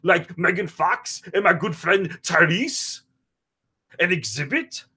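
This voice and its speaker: A man putting on a crude, rambling impression of a boastful action movie star in a comedic parody interview, prone to sudden shouts and sing-song. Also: high voice, expressive, slow, husky, heavily acted.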